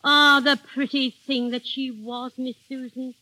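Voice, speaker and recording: An actress playing a loyal, deferential household maid with old-fashioned speech. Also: female voice, high-pitched, level tone, a little slow, bright, forceful tone, no echo, heavily acted, low-quality recording. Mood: fond. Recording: music under the scene.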